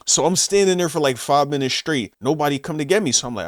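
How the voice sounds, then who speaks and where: A man's voice: medium pitch, very fast, hardly any pauses, no room sound, studio quality. A young man casually telling a story in slang, acting out the lines of the people he quotes. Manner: slangy, animated retelling with quoted dialogue. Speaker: vlogger.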